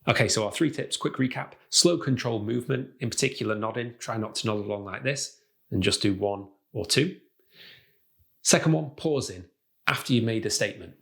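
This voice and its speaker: A man presenting a tutorial to camera, speaking in a measured, demonstrative way and acting out example replies. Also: mid-range voice, creaky. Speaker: communication coach.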